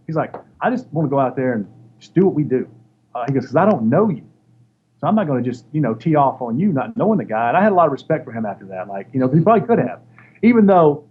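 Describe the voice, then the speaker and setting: Man, interview guest, lively storyteller, slightly high voice, faint background noise. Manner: animated storyteller acting out quoted voices. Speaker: interview guest, former wrestler. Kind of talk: casual storytelling. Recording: dull lo-fi sound with faint noise.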